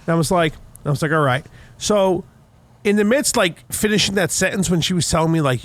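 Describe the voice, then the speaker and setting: A young man co-hosting a podcast, telling a profane, animated story in casual chat. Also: fairly high pitch, fairly quick. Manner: profane, animated retelling with heated quoted outbursts. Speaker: podcast co-host.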